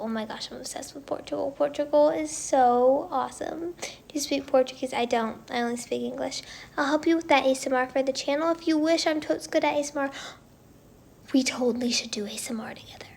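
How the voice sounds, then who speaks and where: A woman hosting a casual livestream, chatting with viewers and often dropping into soft whispers. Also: sits high, brisk, vocal fry. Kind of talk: casual livestream chat reading viewer comments.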